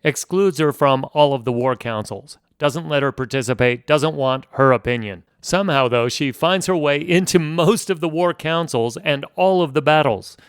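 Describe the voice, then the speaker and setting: Smooth-voiced man narrating a history podcast. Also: a little high, moderate pace, few pauses, no echo, studio quality. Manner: conversational storytelling with wry asides.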